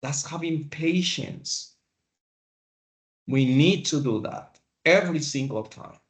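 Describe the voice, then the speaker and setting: A man teaching a class, lecturing in a slow, deliberate way with pauses. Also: on the high side, lively intonation. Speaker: instructor.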